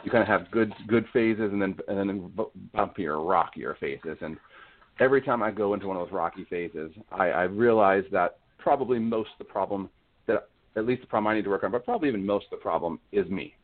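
A man's voice: on the low side, brisk. A man as an interview guest, talking about faith in an earnest, reflective way. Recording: tinny phone-like line.

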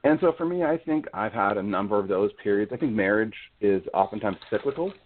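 A man's voice: on the low side, lively intonation, a little fast. A man talking earnestly about faith and family as a guest on a conversation podcast. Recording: phone-like audio.

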